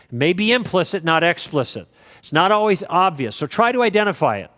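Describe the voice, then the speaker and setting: A man's voice: sits high, sing-song, fairly quick, fairly bright tone, long reverb tail. A man teaching an apologetics class, telling stories of his conversations with quoted dialogue in a conversational lecturing way. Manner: conversational storytelling with acted quotes.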